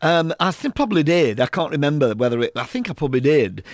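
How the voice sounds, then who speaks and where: A gravelly-voiced author from South Yorkshire, England, talks fast in a fairly high pitch as an interview guest sharing anecdotes. He's a lively raconteur who acts out children's voices and laughs often; the recording has no room sound and the highs are cut off.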